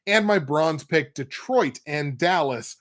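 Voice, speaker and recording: A man's voice: a little high, animated, slow, a bit bright. A young man hosting a football picks show in a casual, rambling way, with wry asides and self-corrections. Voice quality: nasal when pinching nose. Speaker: sports picks show host. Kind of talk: casual football betting talk.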